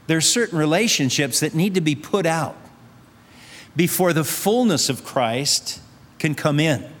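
Man, pastor, sermon, unhurried delivery, repetitive exhortation, long hall reverb. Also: on the high side, fairly bright tone. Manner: earnest, repetitive exhortation with rhetorical questions.

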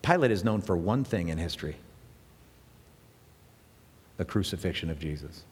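Brief: male pastor preaching, low voice, earnest, echoing church hall. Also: lively intonation, moderate pace, pauses often, breathy edge. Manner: earnest, with many restarts and rising emphasis. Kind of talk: sermon. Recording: hall with long reverb.

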